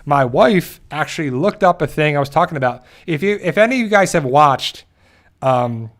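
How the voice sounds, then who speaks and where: The host's voice sits fairly high, with lively intonation. He rambles through a casual episode recap on his channel, often restarting and briefly performing the characters' lines.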